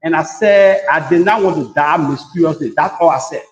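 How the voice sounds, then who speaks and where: A man's voice: on the high side, brisk. A man speaking as a guest, insistently defending his own statement. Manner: insistent, repetitive. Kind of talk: defending himself on a talk show. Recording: roomy reverb, dull lo-fi audio.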